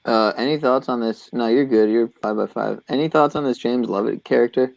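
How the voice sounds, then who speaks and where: A man's voice: mid-range voice, a little fast, vocal fry, a little mellow, no room sound. A man talking in a casual online panel chat, meandering and trailing off.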